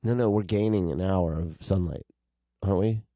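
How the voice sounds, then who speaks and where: A man's voice: low voice, moderate pace, mellow, dry recording. A man co-hosting a podcast in casual chat, laid-back and wry, often trailing off. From California. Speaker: podcast co-host.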